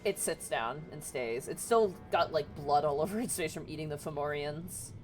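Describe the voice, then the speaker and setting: A woman's voice: low-pitched, moderate pace, soft background music, poor audio. A woman narrating a tabletop game as game master, describing scenes casually with fillers.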